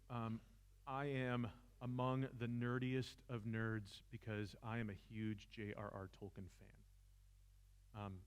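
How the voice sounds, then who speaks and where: A fairly low-pitched man delivers an impassioned seminar lecture in a church seminar room. He teaches philosophy, climbs almost to shouting, and uses self-deprecating humor.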